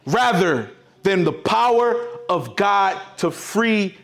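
A man's voice: high-pitched, expressive, slow, gravelly. A man preaching a sermon as pastor, emphatic and repetitive. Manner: emphatic, repetitive preaching with sudden swings in loudness.

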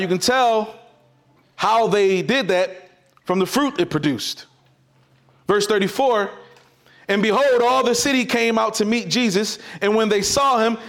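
A man's voice: high-pitched, expressive, unhurried. A man preaching a sermon as pastor, emphatic and repetitive. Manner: emphatic, repetitive preaching with sudden swings in loudness.

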